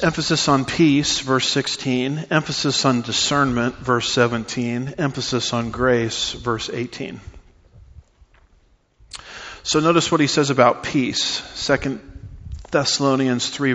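A male pastor delivers a teaching sermon in a church sanctuary, his mid-pitched voice carrying a long reverb tail. He explains scripture step by step with a steady, unhurried delivery, pausing on uh fillers. The recording is slightly dull and muffled. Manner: measured teaching with frequent uh fillers. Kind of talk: expository sermon.

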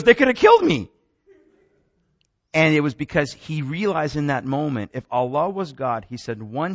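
A man's voice: mid-range voice, fairly bright tone, no echo, muffled recording. Man lecturing with many restarts. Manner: rambling, many restarts and asides. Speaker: speaker.

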